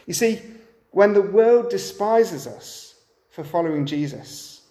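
Man, sermon, fairly high voice, echoey room, rhetorical questions. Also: expressive, slow pace, warm tone. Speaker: preacher.

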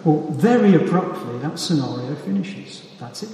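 A man preaching a sermon with a measured, deliberate delivery and emphatic pauses, heard in a church hall. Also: on the high side, lively intonation, warm tone, slight background noise. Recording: echoey hall from far off.

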